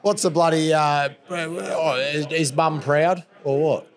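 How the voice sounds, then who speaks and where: A man's voice: on the high side, slow pace. A tipsy Australian man hosting a podcast, bantering and swearing constantly as he interviews guests. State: a bit tipsy. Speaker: podcast host. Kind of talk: casual conference interview. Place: busy conference floor. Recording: crowd chatter behind.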